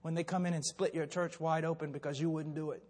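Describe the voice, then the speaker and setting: A man's voice: flat delivery, quick pace. Older man preaching in a reverberant hall. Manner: swings from low, quiet storytelling to loud, shouted preaching. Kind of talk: sermon with storytelling.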